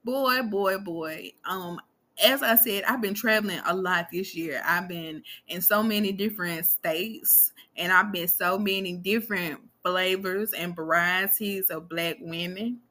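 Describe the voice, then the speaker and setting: A woman's voice: lowish voice, measured pace, bright, forceful tone. A woman in her twenties hosting a podcast, talking straight to her listeners in a blunt, profane, emphatic monologue. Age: 20s. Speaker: podcast host.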